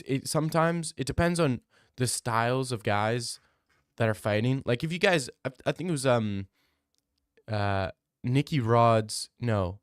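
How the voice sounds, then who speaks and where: A man's voice: medium pitch, clean tone, dry recording, studio quality. A young man streaming, chatting casually as he reads his live chat, rambling and opinionated, repeating himself.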